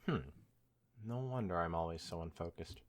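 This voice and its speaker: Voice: low voice, normal speed. A podcast co-host chatting playfully and giggling with the other host during a fan fiction reading. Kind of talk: casual chat.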